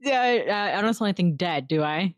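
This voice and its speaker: A woman's voice: fairly low pitch, expressive, normal speed, dry recording, clean studio sound. A woman playing in a tabletop game, asking direct, matter-of-fact questions. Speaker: player.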